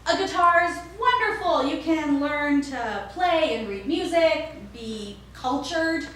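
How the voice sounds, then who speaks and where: Playing a store clerk in a staged storytelling monologue, a woman acts out every character with animated flair. Her voice is high and her pace slow. The recording sounds echoey and distant, with faint noise.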